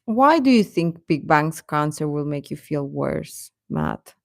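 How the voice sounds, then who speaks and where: Young woman hosting a fan livestream, slow-talking, laughs a lot, dry close mic. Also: deep voice, very animated, creaky, a little mellow, no room sound. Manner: chatty, laughing often, exasperated rants. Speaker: livestream host reading chat. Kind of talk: casual chat.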